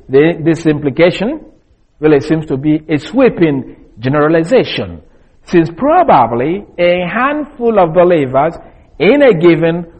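A man teaching from the Bible in a deliberate, explanatory way, pausing often with small fillers. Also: on the high side, a little mellow, husky, poor audio.

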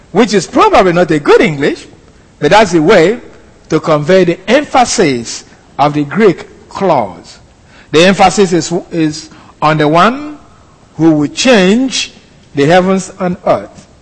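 A man giving a verse-by-verse Bible lesson in a measured, explanatory way, sometimes correcting himself mid-phrase. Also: high voice, in a large hall, poor audio. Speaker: Bible teacher.

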